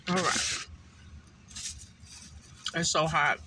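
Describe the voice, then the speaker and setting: A man eating a meal in a car and chatting casually to his viewers, unhurried and full of ums. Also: a little high, background noise. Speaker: food vlogger. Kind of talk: casual mukbang chat.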